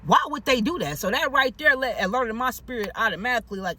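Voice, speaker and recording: A man with a high, bright voice tells a personal story in a loose, casual monologue. He is animated and emphatic, swears constantly, and keeps circling back with slangy filler phrases. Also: fast. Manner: heavy profanity, slangy and repetitive.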